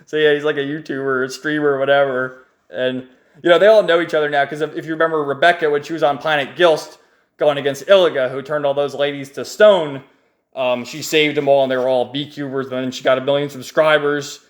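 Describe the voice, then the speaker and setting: Guy gushing over a manga volume, keeps laughing, kinda high voice, lots of restarts. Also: fairly even intonation, brisk. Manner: enthusiastic, chuckling often, rambling restarts. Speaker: manga reviewer. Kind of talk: casual page-by-page recap.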